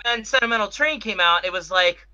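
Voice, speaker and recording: Man, high and very bright voice, podcast co-host, animated rambler who jokes and drifts off topic. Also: brisk, dull audio. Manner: animated, rambling, joking, goes off on tangents. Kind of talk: casual chat.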